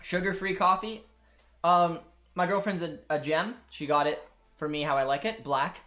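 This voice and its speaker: Man, casual rambling stream host, slightly higher voice, faint music behind. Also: moderate pace, bright, forceful tone. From Canada. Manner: casual, rambling, chats with live chat and a producer. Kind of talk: live football watchalong chat.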